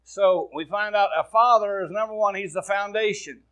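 A man's voice: sits high, normal speed, a bit bright, rough recording. A man with a Midwestern American accent preaching a sermon, speaking in a folksy, plain-spoken way and talking directly to his congregation. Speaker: pastor.

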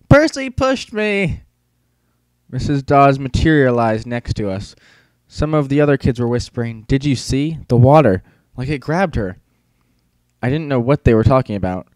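Male audiobook narrator, mid-pitched, casual and wry, dry close-mic studio read. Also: a little mellow, clean tone, no room sound. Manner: casual, wry teenage-boy storytelling. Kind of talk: first-person audiobook narration.

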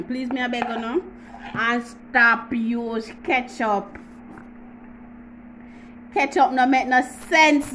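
A woman's voice: a little high, slight background noise, low-quality recording. A woman with a Jamaican accent hosting a casual home how-to vlog, chatty and teasing, with frequent laughs. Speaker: YouTuber.

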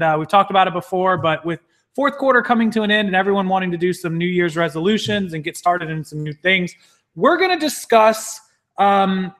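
A man's voice: high voice, fairly bright tone. A man hosting a live stream, upbeat, greeting viewers one by one from the chat before getting into his topic. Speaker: YouTube live-stream host.

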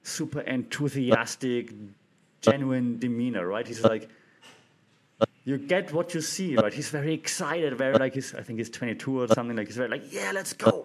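A young man hosting a casual commentary show, talking with enthusiasm and acting out quotes in a livelier voice. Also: medium pitch. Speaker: podcast host.

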